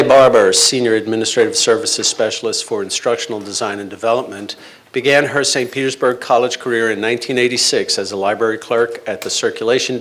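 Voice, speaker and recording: A man reading out a formal board resolution in a measured, ceremonial way at a board meeting. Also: medium pitch, a bit bright. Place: board meeting room with audience.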